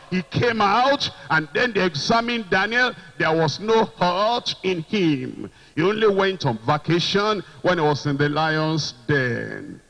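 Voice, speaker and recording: A man preaching a sermon, slow and emphatic, repeating phrases and shouting out quoted lines. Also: high-pitched, poor audio.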